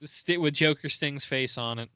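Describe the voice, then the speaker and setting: A man's voice: fairly high pitch, moderate pace, pushed and bright, clear, resonant tone. A man co-hosting a casual podcast chat, laughing often and playfully mimicking wrestlers. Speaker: podcast co-host.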